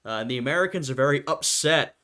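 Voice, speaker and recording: A man's voice: on the high side, animated, quick pace, pushed and bright. A man hosting a history reaction video, talking casually and laughing often as he acts out short quotes.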